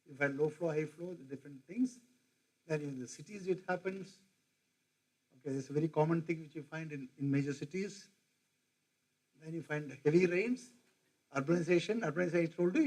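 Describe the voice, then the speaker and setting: A middle-aged man, a professor, lecturing in a halting way with many fillers and asides. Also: a little high, poor audio.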